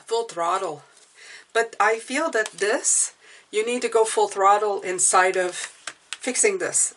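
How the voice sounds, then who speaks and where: Chatty woman doing a tarot reading. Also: medium pitch. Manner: chatty, restarts phrases and repeats words; reassuring, often adds "okay?". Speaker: tarot reader. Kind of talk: casual spoken tarot reading.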